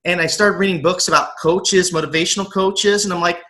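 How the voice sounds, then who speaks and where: A middle-aged man from the US West Coast, a motivational coach, telling his life story in a casual interview, earnest and animated, often restarting and repeating words. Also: sits high, moderate pace, hardly any pauses. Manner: earnest, animated, acts out his own past thoughts. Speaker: motivational coach, podcast guest.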